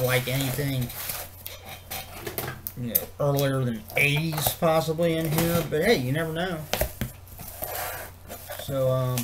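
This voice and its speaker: A man of ordinary pitch rambling through a home vlog, full of fillers, restarts and casual swearing. A faint noise sits under the recording. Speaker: vlogger.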